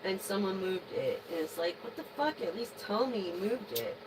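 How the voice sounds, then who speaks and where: A woman's voice: medium pitch, lively intonation, normal speed, background noise. A woman reading tarot to her viewers in a rambling, casual way, swearing freely as she vents. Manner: rambling, profane venting. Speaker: tarot reader.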